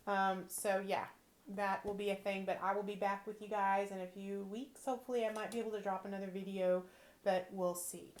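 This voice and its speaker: A woman's voice: medium pitch, level tone, brisk. A woman, chatting playfully as she shows off jewelry she resells. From Texas. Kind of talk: casual chat. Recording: roomy echo.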